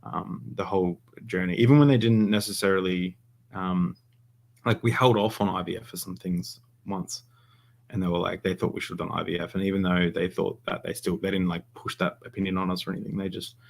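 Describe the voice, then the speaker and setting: Low-voiced man chatting casually. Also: fairly even intonation, fairly quick, gravelly. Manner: rambling, many fillers and restarts. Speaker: podcast host. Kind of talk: casual chat.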